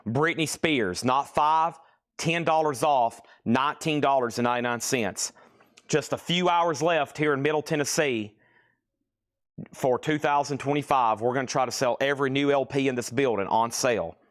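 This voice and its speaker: A man hosting a live-stream record sale from a record store. He calls out items and prices briskly and repeats the details. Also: medium pitch, a bit bright. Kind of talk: live-stream auction selling.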